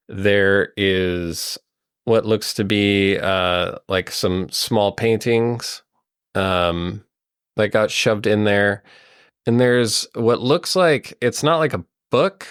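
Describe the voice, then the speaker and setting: A man's voice: fairly low pitch, a bit bright, clear, resonant tone, no echo, studio quality. A man narrating as game master of a tabletop game, meandering and full of ums and likes.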